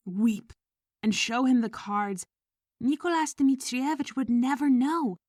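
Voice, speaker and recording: A woman reading a short story aloud in measured audiobook narration, sometimes dropping to a whisper. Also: mid-range voice, a little mellow, no echo, clean studio sound. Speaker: audiobook reader.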